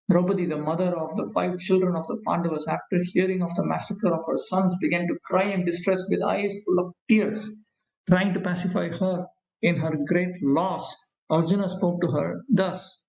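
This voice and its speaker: Man giving a gravelly, echoey scripture lesson. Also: high voice, steady tone, a little mellow. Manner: frequent fillers and pauses, repeats points; chants Sanskrit verses slowly. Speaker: scripture teacher. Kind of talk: scripture class lecture, reading and explaining verses. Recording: echoey room.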